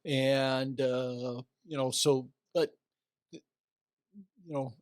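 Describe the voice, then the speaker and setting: Older man telling lively stories, dry studio sound. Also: medium pitch, extremely slow, dry recording. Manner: animated anecdotes, acts out quoted voices. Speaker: guest, retiring athletic director. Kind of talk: casual storytelling interview.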